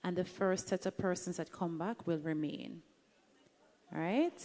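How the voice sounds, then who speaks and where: A woman's voice: on the low side, unhurried, a little mellow. A Jamaican woman hosting a live event, chatty and playful as she teases the audience. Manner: playful, chatty, teasing the crowd. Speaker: event host leading an audience activity.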